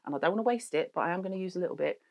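A woman's voice: fairly low pitch, expressive, racing, vocal fry, darkish tone. A middle-aged woman, hosting a beauty product chat in a blunt, sweary, jokey way. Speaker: beauty show host. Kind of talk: casual chat reviewing products.

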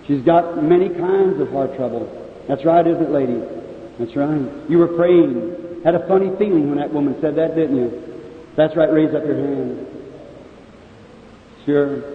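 High-voiced guy preaching at a healing revival, long hall echo, sounds like a thin old phone-quality tape. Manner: addresses audience members directly, calls out ailments. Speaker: evangelist preacher. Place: large meeting hall. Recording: echoey hall on a tinny old 1950s tape.

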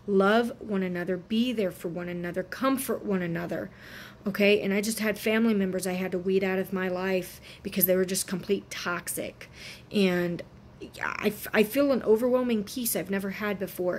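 A woman's voice: medium pitch, slight background noise. A woman in her thirties with a swollen throat and fever, talking earnestly and rambling in a casual faith vlog. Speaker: Christian vlogger.

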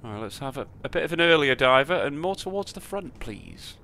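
A man's voice: medium pitch, big pitch swings, a little fast, creaky, bright, forceful tone. A man with a British accent giving sweary, sarcastic commentary on his own slot spins, muttering to himself between outbursts. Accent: British English. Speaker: slot streamer. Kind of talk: casual live slot commentary.

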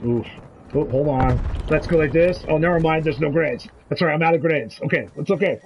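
An excitable male streamer talking through a shooter match as he plays it, his voice sitting a little higher than most men's. He drops to a mutter, then jumps into sudden yelps and pleading. Gunfire and game sounds are clearly heard behind him. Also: fairly quick, a little hiss or hum. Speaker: gaming streamer. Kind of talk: live gameplay commentary.

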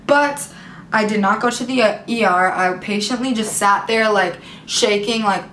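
A woman's voice: medium pitch, normal speed, a little hiss or hum. A young woman vlogger telling a story to camera in a casual, dramatic way, full of "like" fillers. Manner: animated, dramatic retelling with many "like" fillers. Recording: echoey room.

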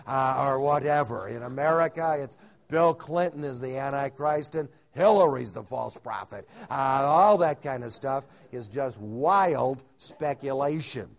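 A man's voice: mid-range voice, a little slow. A man teaching at a Bible conference, talking in a folksy sermon style with frequent "uh" fillers and humorous asides. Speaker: conference speaker. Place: hotel conference room.

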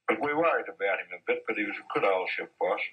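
In a 1970s archive interview, a former Australian mine boss reminisces with a deep, husky, expressive voice that comes through narrow and tinny. He tells his stories in a measured, anecdotal way, now and then restarting a thought.

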